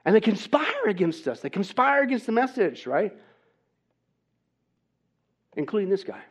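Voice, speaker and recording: A man preaching a sermon as pastor, emphatic, often asking the congregation "right?" and swinging from soft talk to loud exhortation. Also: high voice, huge pitch swings, measured pace, pauses often, husky. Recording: dull lo-fi sound.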